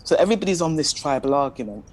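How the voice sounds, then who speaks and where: A woman speaking as a panelist in a discussion, measured and questioning, often admitting she is ready to be corrected. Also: sits low, animated, darkish tone, poor audio. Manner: measured, questioning, self-deprecating.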